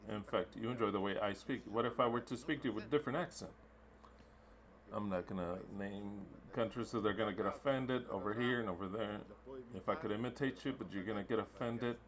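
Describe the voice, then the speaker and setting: A man interpreting a sermon into English live, emphatic and repetitive, with blunt wording. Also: lowish voice.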